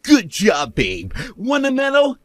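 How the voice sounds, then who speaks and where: A man's voice: extremely high pitch, wildly swooping pitch, slow pace, dry recording, clean studio sound, full character voice. A man voicing a smug, cruel young husband who mocks his wife and laughs at her. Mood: sneering. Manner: sneering, mocking laughs, shouts. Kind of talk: animated story narration.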